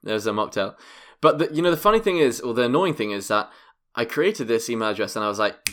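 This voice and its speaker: Casting: a male co-host from England with a bright tone and a mid-range voice, self-deprecating and quick to laugh. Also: medium pitch, animated. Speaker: podcast co-host. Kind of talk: casual comedic chat.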